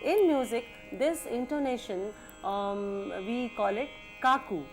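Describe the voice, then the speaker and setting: A woman with an Indian accent giving a music lecture, halting and full of fillers, sometimes switching into Hindi phrases. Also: a little high. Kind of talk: educational lecture.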